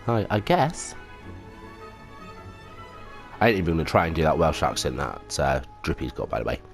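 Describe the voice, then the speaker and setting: A man with a very deep voice hosts a casual let's play at home, talking fast and animatedly over game music. His gameplay commentary is rambling and self-mocking, full of ums.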